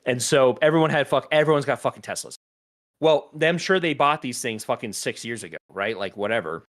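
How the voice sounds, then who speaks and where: A man's voice: mid-range voice, brisk. A man co-hosting a casual podcast, ranting about a pet peeve with lots of swearing and frequent laughter. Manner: profane, animated, laughing often. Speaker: podcast co-host.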